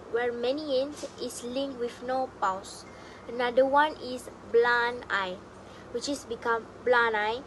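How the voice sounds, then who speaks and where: Young female student, slightly high voice, reading a prepared phonetics talk, noise in the background. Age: young adult. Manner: reads a prepared script with small restarts. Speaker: student presenter. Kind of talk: class presentation on phonetics.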